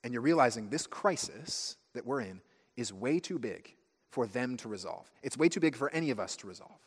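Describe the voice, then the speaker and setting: A man preaching a sermon as pastor, telling stories with lively, acted-out asides. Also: medium pitch, brisk, breathy edge. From United States. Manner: animated storytelling, acting out friends' voices. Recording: long hall reverb.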